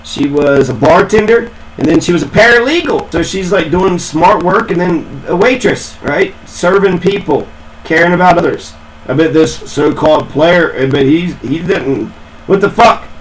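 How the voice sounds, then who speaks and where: A man's voice: fairly high pitch, normal speed, a little hiss or hum, low-quality recording. A man ranting in a casual, rambling way, swearing a lot and repeating himself. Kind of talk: casual profane rant.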